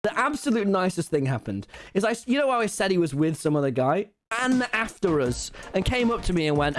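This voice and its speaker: A teenage boy telling an animated, rambling story to an audience, swearing freely and restarting his sentences. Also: high voice, fairly quick. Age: teens. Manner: excitable, rambling, swears a lot, frequent restarts. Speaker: streamer.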